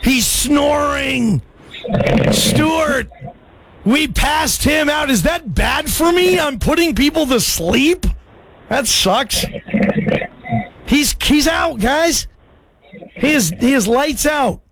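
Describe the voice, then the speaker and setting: A man hosting a call-in sports radio show, chatty and excitable, calling listeners bro. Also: very high voice, slow pace, pauses often. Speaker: radio sports talk host.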